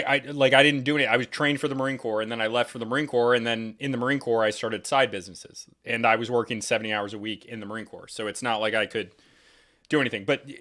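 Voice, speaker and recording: Rambling American man, podcast host. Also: mid-range voice. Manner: rambling, animated, many restarts and digressions. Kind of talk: casual podcast conversation.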